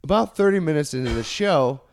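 A man telling a long story in casual chat, animated and rambling, with many restarts. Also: fairly high pitch, fairly quick, slight background noise.

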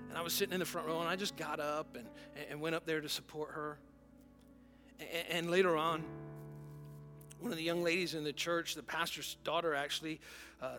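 Middle-aged male pastor with a raised pitch, earnest, restarts often, preaching with music under him. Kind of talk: sermon. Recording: music playing softly behind.

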